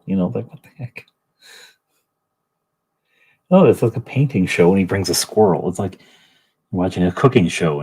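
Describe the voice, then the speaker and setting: A man's voice: deep voice, normal speed, pauses often, mellow, slightly rough, poor audio. A middle-aged man hosting a livestream, chatting casually in a rambling, joking way while painting miniatures. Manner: rambling, self-deprecating, joking. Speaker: livestream host.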